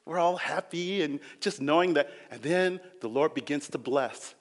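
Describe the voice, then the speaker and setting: Male preacher, fairly high voice, earnest and dynamic, long hall reverb. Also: moderate pace. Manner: earnest, rising and falling between loud emphasis and quiet; acts out quoted voices. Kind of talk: sermon.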